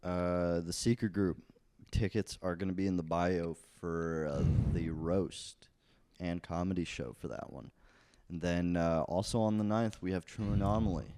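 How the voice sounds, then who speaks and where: A man's voice: deep voice, steady tone, moderate pace, darkish tone, dry recording. A man co-hosting a casual comedy podcast, laid-back and trailing off with fillers as he talks. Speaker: podcast co-host. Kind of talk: casual chat.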